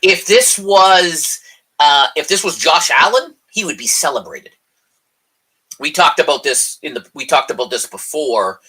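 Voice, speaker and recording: Heated, swearing man with a bright, husky voice. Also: fairly high pitch, animated, measured pace. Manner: heated, swearing rants about football. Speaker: co-host. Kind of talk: casual chat. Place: live stream video call.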